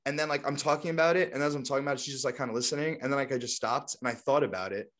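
A man's voice: mid-range voice, rapid-fire, a bit bright. A young man co-hosting a podcast in casual chat, rambling and full of fillers like "like" and "you know". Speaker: podcast co-host.

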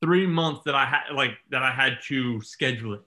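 Man, casual storyteller, lively quoted voices, bright and forceful tone. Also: mid-range voice, normal speed. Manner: animated, self-mocking storyteller acting out quotes.

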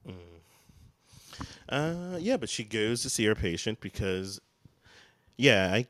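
A man's voice: lowish voice, big pitch swings, takes it slowly, a bit bright, dry recording. A man co-hosting a podcast, chatting casually about a TV episode, often hesitating and trailing off. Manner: hesitant, trails off, fillers and restarts. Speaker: podcast co-host. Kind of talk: casual TV episode recap chat.

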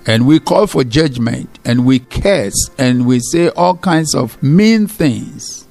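A man preaching a sermon as pastor. He repeats key phrases for emphasis and slows down when he reads scripture. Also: medium pitch, animated, gravelly, a little mellow, soft background music.

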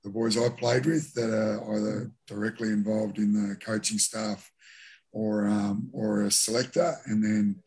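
A middle-aged Australian man answers questions in a casual interview, with a low voice. He talks flatly and evenly, and he keeps pausing with fillers and restarting sentences. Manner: relaxed, many fillers and restarts. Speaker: guest, former rugby league captain.

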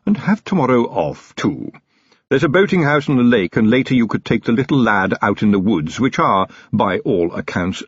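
A man's voice: mid-range voice, breathy edge, no room sound. A man voicing a shrewd, cheeky middle-aged manservant who talks bluntly and knowingly, on a dull lo-fi audiobook recording.

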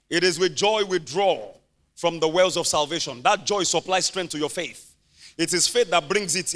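A Nigerian preacher with a very high, bright, forceful voice. He laughs freely through his sermon and bursts into loud shouts of praise. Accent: Nigerian English.

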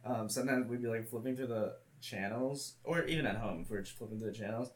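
A man's voice: mid-range voice, quick pace. A man hosting a podcast, telling stories in a rambling, laughing way. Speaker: podcast host. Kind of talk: casual chat.

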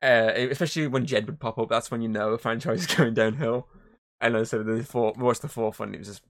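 A podcast co-host with a mid-range male voice talks quickly in a casual chat. He rambles and swears a lot while retelling movie scenes, acting them out in different voices.

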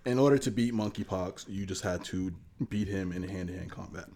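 A man co-hosting and producing a podcast, teasing his friends with dry, deadpan humor. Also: low-pitched, a little fast. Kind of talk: joking casual chat.

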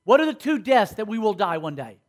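With big pitch swings and a fairly quick delivery, a man whose voice is strikingly high preaches a sermon to students at a school. Throughout, he draws his audience in with call-and-response questions.

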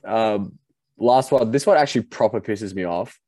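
A young Australian man co-hosting a podcast, telling animated stories with swearing. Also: lowish voice, normal speed, dry recording. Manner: animated storyteller, swears, laughs easily. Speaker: podcast co-host. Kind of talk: casual chat.

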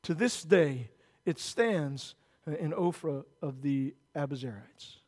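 A man's voice: fairly high pitch, takes it slowly, darkish tone. A man, a pastor, preaching a sermon in an earnest, conversational way that rises into emphatic stretches.

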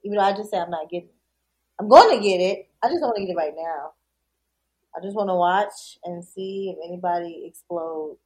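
A woman co-hosting a podcast in casual chat, animated, laughing often and swearing freely. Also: lowish voice, fairly quick. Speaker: podcast co-host.

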